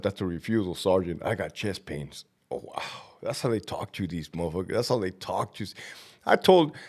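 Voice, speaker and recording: A former prison lieutenant hosts his vlog in a heated, rambling rant thick with profanity. His voice sits low but swings widely in pitch. He rattles off long lists of viewer shout-outs between tirades.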